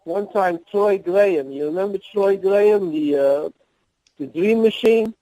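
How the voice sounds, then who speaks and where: A man's voice: high voice, measured pace, dark tone, dry recording, rough recording. An older man, a former wrestling manager, telling rambling anecdotes as a guest in a podcast interview. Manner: rambling anecdotes with laughs and restarts.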